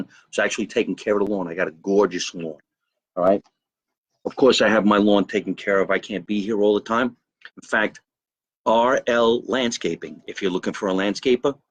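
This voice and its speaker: A man's voice: on the low side, dry recording. A man hosting a live comedy stream from his backyard grill, rambling, boasting and greeting viewers by name. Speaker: host of a live comedy show. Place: backyard by a grill and pool, outdoors.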